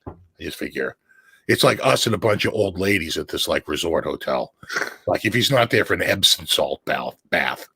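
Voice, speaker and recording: A man chatting as a guest on a video call, telling an animated anecdote and acting out the voices in it. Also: sits low, normal speed, creaky, husky, no room sound. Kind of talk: casual storytelling chat.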